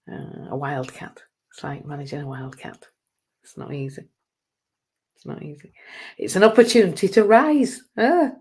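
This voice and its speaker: A woman hosts a live stream in a rambling, casual monologue. She is chatty and self-mocking and laughs often. Her voice sits low.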